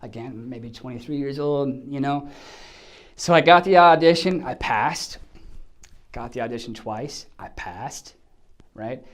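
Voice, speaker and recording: A man's voice: mid-range voice, unhurried. A man, an actor, reflectively telling an audition story in a casual, self-deprecating way.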